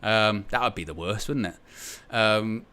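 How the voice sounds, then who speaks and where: Bloke doing a live match-day stream, bright punchy voice, rambly and sarcastic, laughs a lot. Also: male voice, lowish voice, takes it slowly, clean tone. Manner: chatty, rambling, jokey and sarcastic, often laughing.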